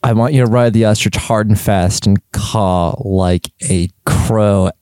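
A man co-hosting a comedy show, flatly reading out absurd prompts he types. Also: on the low side, unhurried, no echo, clean studio sound. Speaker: podcast co-host. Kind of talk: comedic banter, typing prompts aloud.

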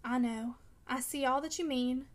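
A woman with a high, fairly bright voice reads quickly, voicing an audiobook character: a discouraged, longing young man of twenty-one. She gives him an impetuous, pleading, discontented tone.

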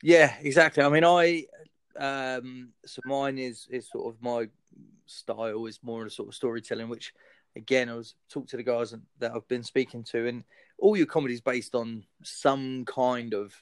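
A man's voice: medium pitch, steady tone, normal speed, smooth, no room sound. A man hosting a podcast, telling crude stories in casual chat and acting out other people's lines. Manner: crude storyteller acting out quotes. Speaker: podcast host and comedian.

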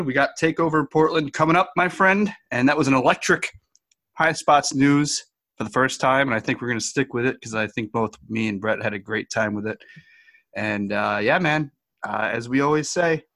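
A man co-hosting a wrestling podcast, wrapping up in a loose, relaxed way with lots of fillers. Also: medium pitch. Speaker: podcast co-host. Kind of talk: casual podcast sign-off.

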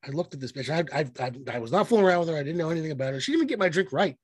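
Man, blunt rambling talker, fairly high voice, casual chat. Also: animated, rapid-fire, slightly rough, no room sound. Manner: blunt, profane, rambling storyteller. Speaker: podcast co-host.

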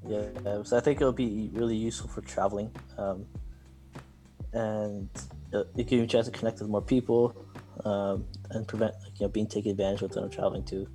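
A young man with a fairly low, mellow voice chats easily on a podcast. He hesitates often and leans on fillers while he thinks aloud, with faint music behind. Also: little pitch movement, brisk, poor audio. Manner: easygoing, hesitant, many fillers. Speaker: podcast co-host. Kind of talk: casual chat.

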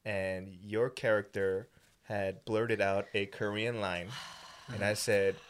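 A man co-hosting a podcast, animated and loose, swearing casually while he chats. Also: on the low side, takes it slowly, clear, resonant tone. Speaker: podcast co-host.

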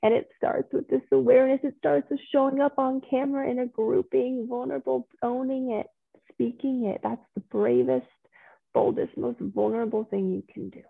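A woman's voice: high voice, fairly even intonation, moderate pace, creaky, slightly rough, dry recording. A woman working as a transformational coach, talking a group through their feelings over a video call in an affirming, encouraging way and calling people pet names. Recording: phone-like video call audio.

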